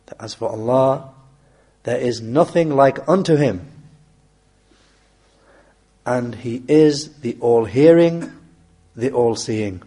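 A man teaching an Islamic text in a measured, deliberate way, reciting verses quickly in Arabic and then explaining them slowly. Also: mid-range voice, mellow, husky. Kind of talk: explaining a classical text in a lesson.

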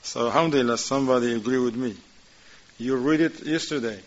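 A man teaching a class, reading Arabic passages quickly and then explaining them in informal, conversational English while asking his students questions. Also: mid-range voice. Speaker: religious teacher. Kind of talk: class explaining a religious text. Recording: dull lo-fi recording.

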